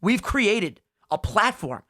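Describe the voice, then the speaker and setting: A young man co-hosting a podcast in casual chat, excitable and swearing often, breaking into high laughs. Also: slow pace, over a noisy crowd. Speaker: podcast co-host.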